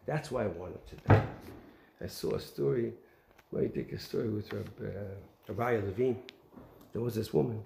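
A man giving an animated Torah talk, asking rhetorical questions and telling stories. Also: medium pitch, gravelly, reverberant, slight background noise. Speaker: Torah teacher.

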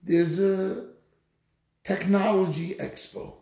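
A man giving a Torah lecture, telling stories in an animated, emphatic way, recorded in an echoey room. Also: sits high, slow pace. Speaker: Torah teacher.

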